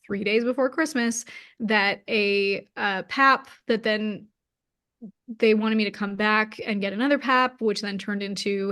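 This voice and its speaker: A woman in her thirties, guest on an interview, speaks at a medium pitch with a steady, slightly bright tone and a somewhat slow pace. She tells a personal story openly and emotionally, saying "like" often.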